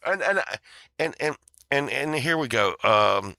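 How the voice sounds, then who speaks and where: A middle-aged man tells a long story with plenty of swearing and laughter. He talks slowly and loosely, and his voice has a sharp, bright edge. The sound is close and dry. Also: mid-range voice, big pitch swings, gravelly, dry recording. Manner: profane, laughs a lot, trails off. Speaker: vlogger telling a story. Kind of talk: rambling casual storytelling.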